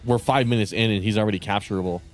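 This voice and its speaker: A young man rambling casually as he streams a game, profane and relaxed, restarting his sentences. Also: fairly low pitch, very fast, soft background music. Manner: rambling, profane, laid-back. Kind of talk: casual gaming commentary.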